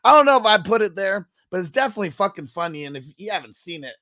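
Casting: relaxed young California co-host, high-pitched, dry booth sound. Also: male voice, racing, no echo. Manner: easygoing, profane, laughs often. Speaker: podcast co-host. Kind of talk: casual chat.

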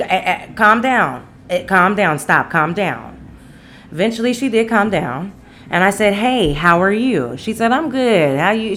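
A young woman tells a personal story straight to her listeners in a loose, unscripted rant. She swears freely, laughs through her own lines and leaps up in pitch whenever she acts out what someone said. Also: fairly bright tone. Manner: candid, profane and laughing, with big pitch jumps when quoting. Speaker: podcast host and singer.

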